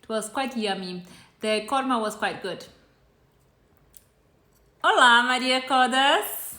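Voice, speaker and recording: A woman with a Brazilian accent chats her way through a live cooking stream at a slow, easy pace, greeting viewers by name. Her voice is bright and a little high. The room has a noticeable echo. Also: animated. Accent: Brazilian Portuguese. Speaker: cooking show host. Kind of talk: casual live-stream chat.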